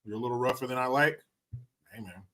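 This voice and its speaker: A man's voice: medium pitch, quick pace, pushed and bright. A man hosting a livestream who reads out viewer messages and banters in a joking, profane, laid-back way. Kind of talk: casual chat.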